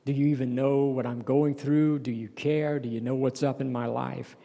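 A man delivers a sermon in a gravelly, warm voice. He reads a passage, then breaks it down with restarts and an occasional "Amen?" His voice carries a long reverb tail from the hall. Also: medium pitch, fairly even intonation, moderate pace. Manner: reads scripture aloud then explains it, with restarts and calls of "Amen?". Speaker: pastor.

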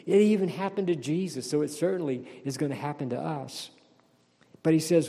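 A man's voice: mid-range voice, normal speed, dark tone, in a large hall. A man preaching a sermon as pastor, emphatic and questioning the congregation.

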